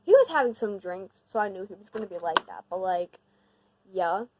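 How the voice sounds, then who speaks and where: A young woman telling a storytime on her vlog in a slangy, rambling way full of "like", animated and emphatic. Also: mid-range voice, moderate pace, background noise. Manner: slangy, rambling, heavy use of "like"; animated and emphatic when retelling the scary part. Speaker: vlogger. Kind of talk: casual storytime.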